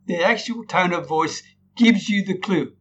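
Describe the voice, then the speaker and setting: A man with a fairly high voice coaches an audience on storytelling, acting out sample lines and tagging his points with "right?". The recording is dull and lo-fi, with a faint hiss underneath. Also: measured pace, a bit bright. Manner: demonstrates tones, frequent "right?" tag questions. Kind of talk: recorded lesson.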